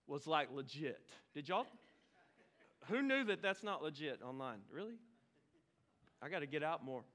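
A man, preaching a lively sermon with exclamations and playful asides. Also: on the high side. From Oklahoma. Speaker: pastor.

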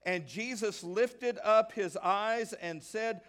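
High-voiced man preaching a sermon. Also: a bit bright. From American South. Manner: asks the congregation questions and answers them himself; reads scripture aloud at length, slowing on key words. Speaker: pastor.

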